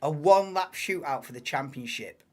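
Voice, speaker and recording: A man's voice: a little high, animated, moderate pace. A man hosting a live watchalong, casual banter-heavy commentary that swears and laughs at his own jokes.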